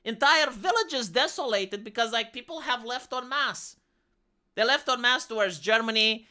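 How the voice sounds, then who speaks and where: A Romanian live streamer with a Romanian accent rants bluntly in a casual livestream chat, swearing a lot. The voice sits at medium pitch, moves at a moderate pace, and sounds pushed and bright.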